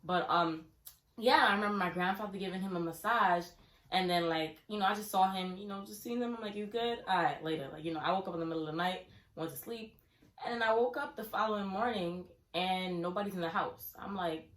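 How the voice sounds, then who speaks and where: Animated woman in an echoey room. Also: medium pitch, brisk. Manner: animated, acts out her younger self in quoted questions. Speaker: vlogger telling a family story. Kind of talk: casual storytelling.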